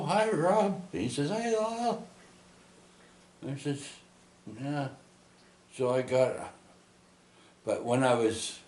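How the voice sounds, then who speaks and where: A man's voice: low-pitched, darkish tone. A man telling a rambling personal testimony, full of restarts and tag questions like "eh" and "right". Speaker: storyteller giving testimony. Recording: echoey room.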